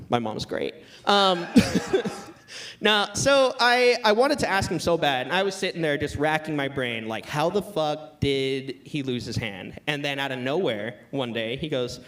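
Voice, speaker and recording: A man's voice: medium pitch, animated, measured pace, a bit bright. A man doing a live stand-up set on a club stage, telling a crude, self-mocking story and laughing at his own lines. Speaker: stand-up comedian.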